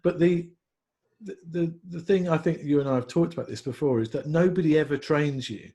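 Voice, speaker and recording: A man with a mellow, slightly husky voice, hosting a casual discussion as a pastor. He hesitates and restarts often while searching for the right words. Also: fairly high pitch, fairly quick. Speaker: pastor and host.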